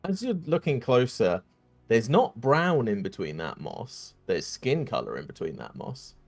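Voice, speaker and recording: Laughing male game master, lively pitch. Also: a little slow, vocal fry, soft background music. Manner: laughing, hesitant narration full of fillers. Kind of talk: narrating a tabletop game.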